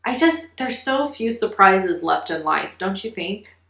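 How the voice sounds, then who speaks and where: A woman's voice: medium pitch, unhurried, gravelly, reverberant. A middle-aged woman telling a story in a chatty way while she works on a card, leaning on "like" as she talks. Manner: chatty, animated, lots of "like" fillers. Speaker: card-making vlogger. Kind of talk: casual storytelling while crafting.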